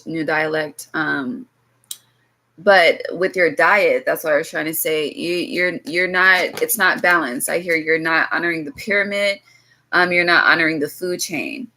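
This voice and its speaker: A woman's voice: low voice, normal speed, sharp tone, poor audio. A woman giving a loose, casual tarot reading to her viewers, blunt and swearing freely, drifting into chatty asides. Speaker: tarot reader.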